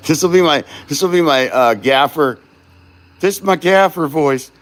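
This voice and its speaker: This glassblowing livestreamer has a slightly high, expressive voice and a measured pace. Cursing and chatting casually as he works for viewers, he rambles and distracts himself.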